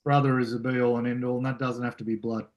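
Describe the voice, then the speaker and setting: A man's voice: medium pitch, flat delivery, fast, highs cut off. A man with an Australian accent chatting on a podcast, blunt and jokey, often breaking into laughter. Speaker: podcast co-host. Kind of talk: casual chat.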